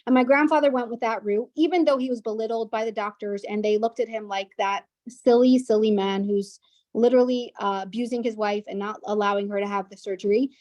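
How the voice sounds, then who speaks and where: Earnest higher-voiced woman telling a story. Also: steady tone, a little fast, a little mellow, no room sound. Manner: earnest, with frequent restarts and repetitions. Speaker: guest speaker. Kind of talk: personal story at a women's gathering.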